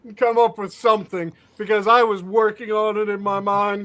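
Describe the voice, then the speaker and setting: A man's voice: sits high, flat delivery, normal speed, few pauses, a bit bright. A man co-hosting a show, explaining things at length with a wry edge. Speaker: podcast co-host. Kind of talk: casual banter.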